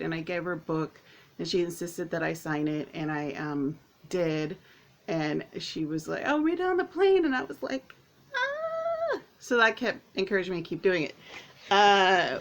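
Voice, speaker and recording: A woman vlogging to camera at home, chatting casually in a rambling, excitable way with lots of fillers. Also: lowish voice. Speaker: author and vlogger.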